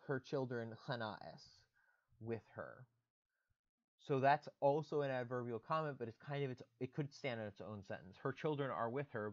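Methodical male lecturer, lo-fi recording. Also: mid-range voice. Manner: methodical, explains step by step with fillers.

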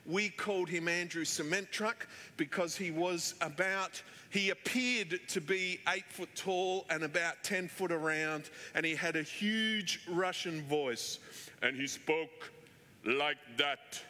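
A man's voice: high voice, measured pace, few pauses, bright, forceful tone. A middle-aged man preaching a sermon, telling stories in a chatty way with plenty of fillers. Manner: chatty storyteller, many fillers. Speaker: pastor. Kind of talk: sermon with anecdotes. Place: church hall. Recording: echoey church hall.

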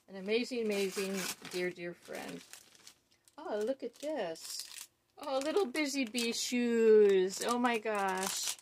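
Slow-talking, gushing woman unboxing gifts. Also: medium pitch, background noise. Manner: gushing, awestruck, full of fillers. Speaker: doll collector vlogger. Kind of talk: casual unboxing chat.

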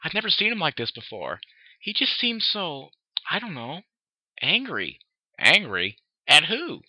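A man's voice: fairly high pitch, wildly swooping pitch, a little slow, slightly rough, no room sound, pitched above the performer's own voice, heavily acted. A man reading aloud, voicing a tired, bookish young female unicorn with a raised voice, recorded dry and dull. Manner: tired, sighing.

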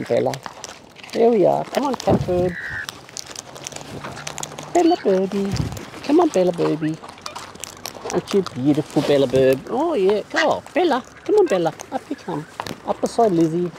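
Australian man, lively swooping pitch, slow unhurried talk, coaxing birds, outdoor noise and bird calls behind. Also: gravelly. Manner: sing-song coaxing, playful teasing. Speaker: bird feeder filming wild birds. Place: outdoors among wild birds. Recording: noisy outdoor recording with birds. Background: bird calls and outdoor sounds.

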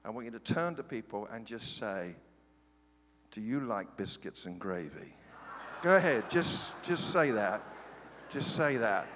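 A man's voice: lowish voice, lively intonation, unhurried, background noise. A man who is a guest preacher, giving a sermon and reading scripture with humorous, chatty asides. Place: large church sanctuary. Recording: long hall reverb.

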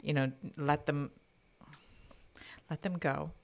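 A woman's voice: deep voice, steady tone, slow pace, vocal fry, darkish tone. A woman in her forties, a podcast co-host, chatting casually and often agreeing with her co-host. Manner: chatty, agreeing, lots of 'like'. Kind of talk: casual chat.

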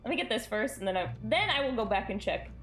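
Over soft background music, a woman with a fairly high voice speaks quickly into a desk microphone while livestreaming a game. Her manner is lively and jumpy as she talks to her audience, breaking into shrieks and laughter.

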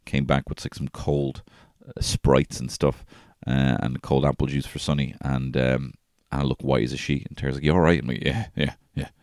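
A man's voice: very deep voice, little pitch movement, normal speed, vocal fry, hardly any pauses, a little mellow, no room sound, clean studio sound. A man in his thirties hosting a podcast, rambling and swearing as he tells casual stories from his life. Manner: rambling and profane, with frequent restarts. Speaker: podcast host. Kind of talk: casual solo podcast storytelling.

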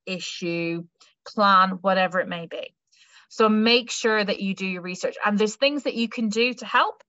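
A woman's voice: mid-range voice, bright, forceful tone, no room sound, highs cut off. Chatty, reassuring woman careers adviser. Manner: chatty, reassuring, with many fillers. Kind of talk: university careers webinar talk.

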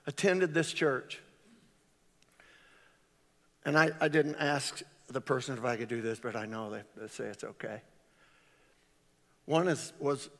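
Man, pastor, sermon, storytelling, gravelly, fairly high voice, long church-hall reverb. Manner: storytelling, swings loud on exclamations.

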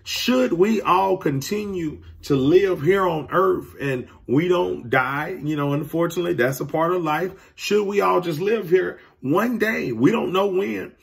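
Man, youth minister, gravelly, husky, higher-pitched, earnest preacherly Sunday school lesson. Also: a little slow, hardly any pauses. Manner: earnest, preacherly, addresses young people directly. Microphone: recorded alone beside a window.

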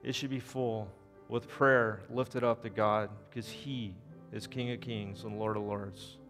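A man's voice: fairly low pitch, steady tone, unhurried. Earnest preacher man in a church. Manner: storytelling, earnest, drops soft at invitation. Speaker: pastor. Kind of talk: sermon and altar call. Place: church sanctuary. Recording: long church reverb, faint music.

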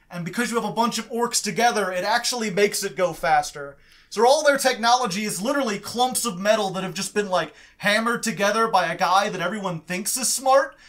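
A podcast host with a notably high voice, chatting casually about a book. He explains background lore and tells anecdotes with sound effects, laughing often as he goes. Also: fairly bright tone.

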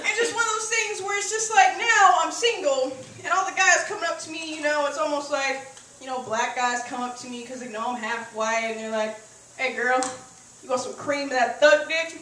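High bright woman doing brash stand-up. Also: fairly even intonation, fairly quick, a little hiss or hum. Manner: brash, profane, punchy delivery. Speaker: stand-up comedian. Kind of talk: stand-up comedy routine. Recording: echoey room, far from the mic.

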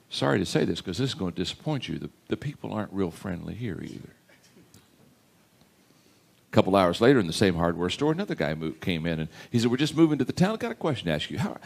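Low lively man telling a story. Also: vocal fry. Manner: conversational, stammering restarts. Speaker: speaker. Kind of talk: storytelling sermon.

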